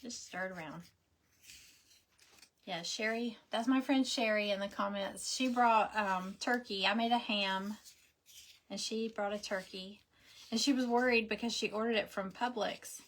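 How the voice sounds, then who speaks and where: Chatty woman telling stories. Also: unhurried. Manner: rambling, animated, acts out quoted voices in a high pitch. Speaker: crafting livestream host. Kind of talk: casual chatty storytelling while crafting.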